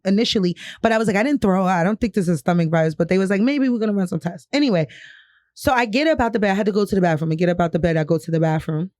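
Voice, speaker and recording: A woman's voice: on the low side, darkish tone, no room sound. A young woman from New York telling a personal story on a podcast, candid and profane, often laughing. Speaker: podcast co-host. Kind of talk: casual storytelling chat.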